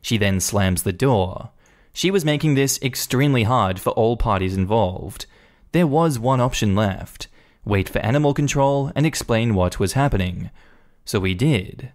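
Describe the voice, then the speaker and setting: A man reading a first-person Reddit story aloud in an animated, indignant storytelling manner. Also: mid-range voice, unhurried. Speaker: story narrator.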